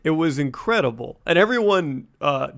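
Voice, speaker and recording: A man's voice: fairly high pitch, expressive, normal speed, gravelly, fairly bright tone. A man co-hosting a podcast, recounting events in an easygoing, rambling way with lots of fillers. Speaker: podcast co-host. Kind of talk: casual podcast chat.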